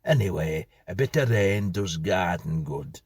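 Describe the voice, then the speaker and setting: A benign, middle-aged grocer with a Yorkshire accent chatters on about the weather, as a man reads him aloud. His voice is husky and close. The pitch swings up and down. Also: animated, unhurried, a little mellow, no echo, exaggerated voice. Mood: chatty. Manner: cheerful small talk.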